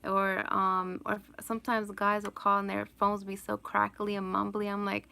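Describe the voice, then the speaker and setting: A woman's voice: medium pitch, unhurried, creaky, fairly bright tone. A woman vlogger chatting casually on a live stream and answering viewer questions, rambling and laughing often. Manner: rambling, laughs often, lots of "like" and "you know".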